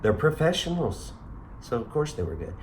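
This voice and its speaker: A man's voice: mid-range voice, very animated, slight background noise. Chatty man in his sixties. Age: 60s. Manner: rambling, self-deprecating, quick to laugh. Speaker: host. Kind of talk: casual chat.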